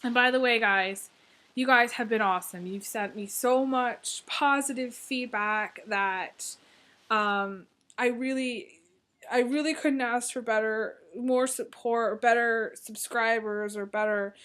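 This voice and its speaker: A woman's voice: on the high side, measured pace, fairly bright tone. A woman tarot reader talking casually and earnestly to her viewers, reading a heartfelt letter aloud. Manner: earnest, heartfelt, chatty with many fillers.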